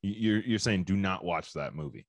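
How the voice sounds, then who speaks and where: Deep-voiced teasing podcast co-host. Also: male voice, expressive, moderate pace, no room sound. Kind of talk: casual chat.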